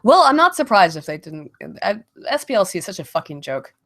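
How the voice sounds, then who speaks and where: A woman casually chatting on a livestream Q&A, getting over a cold and clearing her throat, laughing often and swearing freely. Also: medium pitch, very animated, a little fast, fairly bright tone. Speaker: streamer answering viewer questions.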